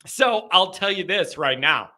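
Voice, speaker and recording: A man hosts a live call-in sports show in a high, forceful voice. He talks bluntly and rants with heat. His tone is sharp and direct. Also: animated, unhurried. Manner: blunt, heated ranting. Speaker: show host.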